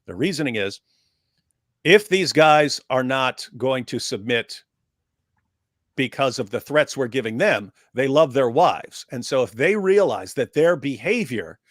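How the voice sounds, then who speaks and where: A man in a call-in livestream discussion, arguing emphatically at a middle pitch. He circles back and repeats his phrases to drive each point home, and his voice sounds dry and close, with no room echo. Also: lively intonation, unhurried. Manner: emphatic, repeats phrases while building an argument.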